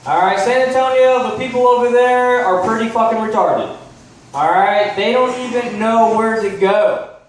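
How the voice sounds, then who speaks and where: High-voiced man doing stand-up. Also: normal speed, slight background noise. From Texas. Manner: chatty, asks the crowd "right?" often, swears. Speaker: stand-up comedian. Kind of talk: stand-up set. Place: comedy club stage. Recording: echoey club from far off.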